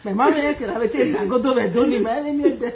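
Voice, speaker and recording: A woman's voice: high voice, fast, over a noisy crowd. A woman with a Nigerian accent, giggling and teasing in casual banter, chanting words over and over. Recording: noisy recording.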